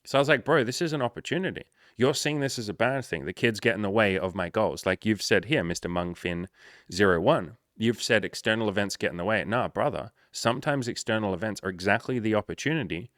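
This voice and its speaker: Male life coach, lowish voice, brash and profane, dead-dry close mic. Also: brisk, no room sound. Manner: animated, swears often, acts out dialogue with rising energy. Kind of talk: casual coaching monologue.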